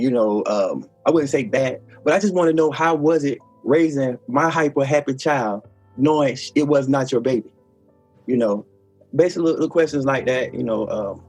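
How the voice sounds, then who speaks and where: A father being interviewed, speaking haltingly and searching for words. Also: mid-range voice, darkish tone.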